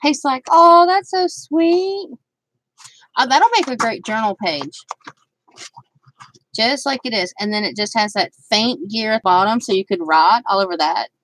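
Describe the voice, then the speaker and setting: A woman's voice: medium pitch, normal speed, a bit bright, no room sound, poor audio. A woman hosting a casual live crafting stream, chatting in a rambling way, greeting viewers by name and laughing often. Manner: laughs often, trails off with fillers. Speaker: craft channel host.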